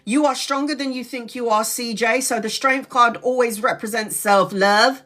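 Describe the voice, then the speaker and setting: A woman's voice: on the high side, normal speed, fairly bright tone. A woman giving a live-streamed tarot reading, chatty and blunt, swearing casually as she talks. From Brazil. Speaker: tarot reader.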